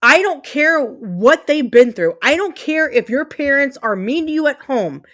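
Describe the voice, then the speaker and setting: A high-pitched woman in her late thirties on a livestream, fuming. She rants with heat, repeats points for emphasis and swears freely. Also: expressive, a little slow, fairly bright tone. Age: 30s. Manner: emphatic, repetitive, heated, swearing. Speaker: livestream host. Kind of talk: angry livestream rant.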